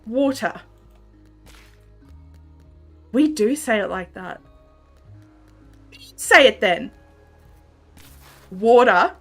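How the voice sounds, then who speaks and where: A woman's voice: mid-range voice, animated, slow, vocal fry, a bit bright, faint music behind. A young Australian woman chatting casually with her viewers while gaming on a livestream, laughing often and reading out chat messages. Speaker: streamer.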